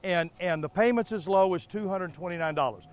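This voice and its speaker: A man's voice: high voice, a little fast. A man hosting a car dealership TV spot, pushing deals in a repetitive way, checking in with "all right?" and "okay?". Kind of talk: live car sales pitch. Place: car lot outdoors.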